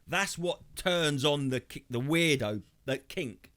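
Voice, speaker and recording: Man, podcast co-host, bright lively storyteller, swears a lot. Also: a little high, slow. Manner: animated, swearing, acts out quoted voices. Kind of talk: casual comedic storytelling.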